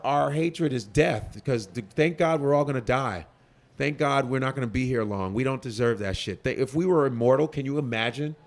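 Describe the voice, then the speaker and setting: A male comedian in a casual interview, ranting in a profane, animated way. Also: medium pitch. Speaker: comedian guest.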